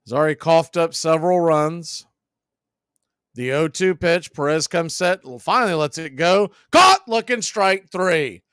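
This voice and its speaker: Dry, steady baseball play-by-play man. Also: moderate pace, clean tone, no room sound. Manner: steady, wry calling of pitches. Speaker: play-by-play announcer. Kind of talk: radio play-by-play commentary.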